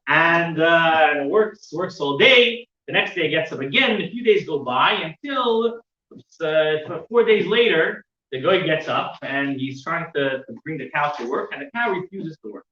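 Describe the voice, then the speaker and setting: A man's voice: a little high, expressive, normal speed, sharp tone. A man teaching a weekly Torah class, telling a story with lots of fillers and restarts. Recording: roomy, dull sound from a distant mic.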